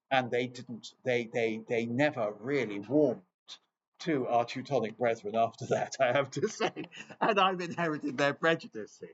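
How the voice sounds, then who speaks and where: English guy lecturing on scripture, rambly and wry, mid-pitched voice, kinda muffled recording. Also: slight background noise. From England. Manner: chatty, digressive, wry asides with laughs. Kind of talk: informal Bible lecture.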